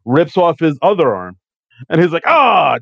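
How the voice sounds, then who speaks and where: A man's voice: on the high side, sing-song, normal speed, no echo. Laid-back man on a dull, dry line. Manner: laid-back, laughs often, wry. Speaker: podcast co-host. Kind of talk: casual movie recap chat.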